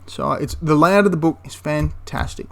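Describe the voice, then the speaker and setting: Man, slightly high voice, casual review, enthusiastic, rambling, restarts often. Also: moderate pace, gravelly. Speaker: wargaming reviewer.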